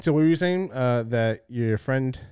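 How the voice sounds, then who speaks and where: A man chatting casually and telling an animated story, acting out the quoted voices with sudden jumps in pitch. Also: moderate pace, clean tone, no room sound, studio quality. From South Florida. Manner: acts out quotes with jumps in pitch, swears freely.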